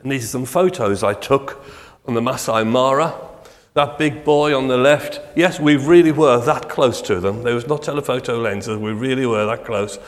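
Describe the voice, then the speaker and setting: An older man preaching, telling stories in a jovial, animated way. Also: mid-range voice, normal speed. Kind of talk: sermon with storytelling. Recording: echoey hall.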